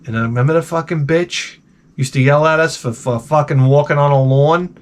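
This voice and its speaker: Guy ranting sarcastic advice, swears a ton, kinda high voice, totally exasperated. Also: fairly quick. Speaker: advice vlogger. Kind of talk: comedic advice rant.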